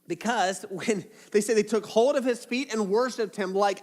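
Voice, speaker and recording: A man's voice: sits high, normal speed, darkish tone. A man preaching a sermon as a pastor, casual and playful, acting out little asides as he tells the story. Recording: long hall reverb.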